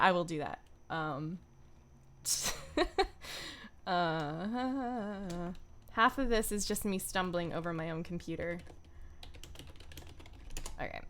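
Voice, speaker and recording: Slow-talking woman voice actor streaming. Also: medium pitch, a bit bright. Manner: self-deprecating, laughs often, many fillers. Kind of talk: casual livestream chat.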